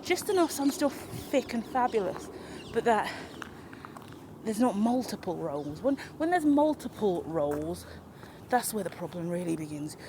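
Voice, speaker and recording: Filming on a handheld camera while walking through a park or woodland, a medium-pitched woman speaks a little slowly against background noise. The unscripted vlog is chatty and rambling, and she's animated and quick to poke fun at herself.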